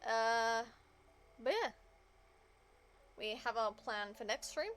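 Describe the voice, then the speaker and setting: A woman's voice: fairly high pitch, animated, slow, fairly bright tone, smooth. A woman game streamer chatting casually to her viewers, rambling with lots of fillers.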